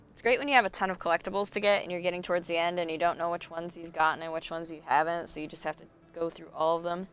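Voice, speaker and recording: A woman's voice: fairly low pitch, fairly even intonation, rapid-fire, few pauses, clear, resonant tone. A woman streaming a video game live, chatting casually to herself and her viewers and laughing often. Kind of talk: casual live gameplay commentary.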